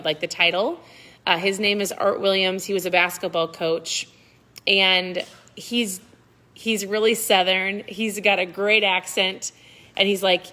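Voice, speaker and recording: A woman hosting a live motivational talk, speaking at a middle pitch. She asks her viewers questions directly and keeps coming back to the same key phrases to drive them home. The tone stays encouraging throughout. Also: a bit bright. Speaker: host.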